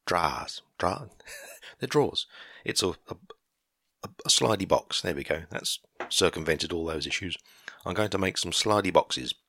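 Deep gravelly man in his fifties. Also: moderate pace, pushed and bright, no echo. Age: 50s. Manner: rambling, easily sidetracked, chuckling at himself. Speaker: podcaster. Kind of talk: casual solo monologue. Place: garden shed workshop.

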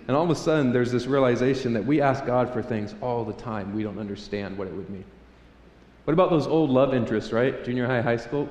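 A man's voice: medium pitch, a little fast, darkish tone, slight background noise. A man preaching a sermon to a congregation, joking and acting out prayers in a raised voice. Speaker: pastor. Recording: echoey hall, faint room ambience.

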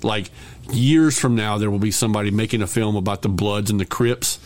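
A man's voice: lowish voice, darkish tone. A man co-hosting a podcast, chatting casually about a movie, joking and swearing freely. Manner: profane, joking, quick to laugh. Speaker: podcast co-host. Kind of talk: casual movie review chat.

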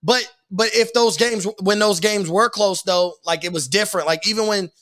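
Young man, high voice, bright tone, animated, lots of "like", casual sports podcast talk. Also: normal speed. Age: young adult. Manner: animated, repeats himself, says "like" and "bro" a lot. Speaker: podcast guest.

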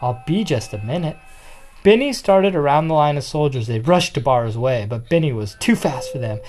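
Steady children's storybook reader. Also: mid-range voice, a little fast, soft background music. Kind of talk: reading a children's picture book aloud.

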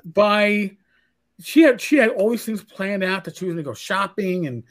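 A man from New York hosting a casual podcast chat, stumbling through restarts as he tells animated stories. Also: sits high, moderate pace. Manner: stammering restarts, animated storytelling. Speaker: podcast host.

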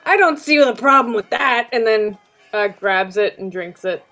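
Woman player; high, casual and quick. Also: lively intonation, fairly bright tone. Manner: quick, stumbling questions. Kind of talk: casual tabletop game chat.

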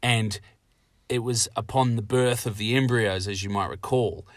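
A man's voice: lowish voice, steady tone, moderate pace, no echo, studio quality. A man in casual chat, narrating a role-play game story in careful detail. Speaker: podcast co-host.

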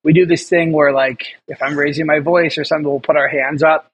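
A husky, slightly high-pitched man talks loosely as a guest in a casual interview. He rambles and swears freely, with frequent laughter breaking into his talk. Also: fairly even intonation, fairly quick, low-quality recording. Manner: rambling, profane, laughs often. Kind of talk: casual chat.

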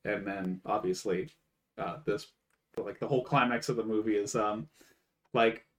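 A podcast co-host with a lowish voice at normal speed animatedly retells a movie in casual conversation. He acts out the quotes in raised voices.

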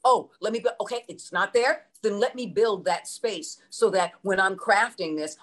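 A middle-aged woman from New York City coaching voice actors, speaking emphatically with rhetorical questions, repetition and swearing. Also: medium pitch. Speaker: voice acting coach. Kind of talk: motivational talk.

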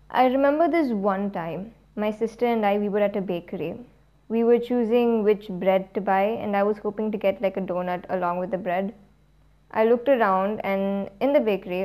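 Mellow-voiced teen girl telling a story. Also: mid-range voice. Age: late teens. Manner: chatty, self-deprecating, many fillers. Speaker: podcast host. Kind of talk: casual storytelling monologue.

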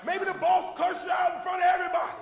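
A man preaching a sermon as pastor, with a Southern American accent, shouting and repeating refrains to a responding congregation. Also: extremely high pitch, completely flat delivery, fast, a faint crowd. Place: church sanctuary with congregation. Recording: echoey hall recording.

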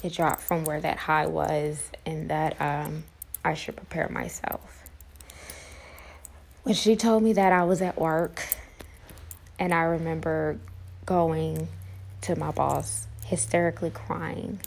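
Young woman, personal vlog storytelling, low voice, halting delivery. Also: level tone, vocal fry, slight background noise, poor audio. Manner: halting, many fillers and restarts. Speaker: vlogger.

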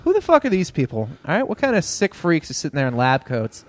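A man's voice: on the high side, huge pitch swings, quick pace, no room sound. A man co-hosting a crude comedy podcast, sarcastic and mock-outraged, swearing a lot. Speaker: co-host.

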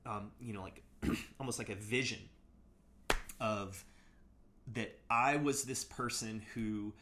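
A man's voice: fairly low pitch, fairly even intonation, takes it slowly, noisy background. A man speaking as an interview guest, recounting his past in a reflective, casual way, hesitant and full of "like" and "you know", with frequent restarts. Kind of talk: reflective storytelling in casual conversation.

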